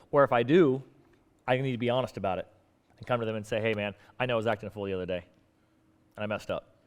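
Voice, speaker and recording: A man preaches to his church in an easy, conversational way, acting out little bits of dialogue as he goes. His voice sits in a middle pitch. A long reverb from the sanctuary trails behind his words. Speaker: pastor. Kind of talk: sermon.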